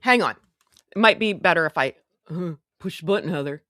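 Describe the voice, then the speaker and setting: A woman's voice: fairly low pitch, lively intonation, a little fast, fairly bright tone, no room sound, clean studio sound. A woman hosting a casual live stream, talking in a sarcastic, rambling, chatty way. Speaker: online show host.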